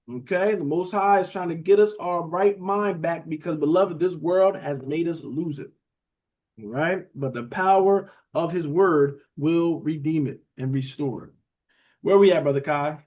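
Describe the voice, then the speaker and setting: A man's voice: fairly high pitch, normal speed, darkish tone. A man teaching a Bible study in a casual, conversational sermon style, often asking the room questions and calling his listeners "beloved". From United States.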